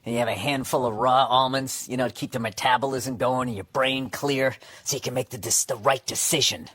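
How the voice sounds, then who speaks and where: A man's voice: medium pitch, fairly even intonation, a little fast, a bit bright, husky. A man talking in casual chat, rambling into sarcastic, profane rants.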